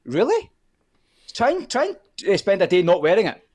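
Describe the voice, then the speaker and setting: A man's voice: high-pitched, wildly swooping pitch, moderate pace, a little mellow. A man, a guest on a live podcast, ranting heatedly and swearing often. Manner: fired up, swearing often, repeats "the whole point is".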